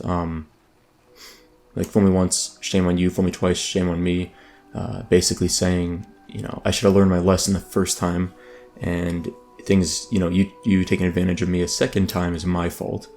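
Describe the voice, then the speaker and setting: A man casually narrating while playing an online game, rambling with frequent ums and restarts. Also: low-pitched. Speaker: gaming YouTuber. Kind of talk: casual let's play commentary. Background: soft background music.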